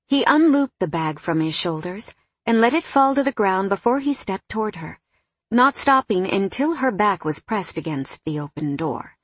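A woman narrating an audiobook in a calm, intimate manner on a close studio mic. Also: medium pitch, moderate pace, breathy edge, no room sound. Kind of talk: scripted narration.

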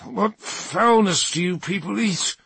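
A man's voice: high voice, slow pace, creaky, a bit bright, breathy edge, dry recording, voice pushed up, heavily acted. A man voicing a wounded, proud male warrior who answers in a strained, defiant tone.

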